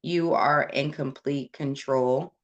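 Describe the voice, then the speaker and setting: A woman's voice: very deep voice, fairly even intonation, slow, dull audio. A woman from Puerto Rico hosting a casual live stream, answering viewer comments in a rambling, candid way with many fillers. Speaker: host.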